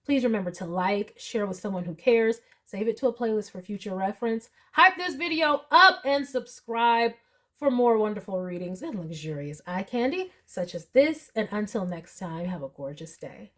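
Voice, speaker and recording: A woman's voice: mid-range voice, expressive, moderate pace. A woman giving a tarot reading to camera, earnest and emotional, with many fillers. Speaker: tarot reader.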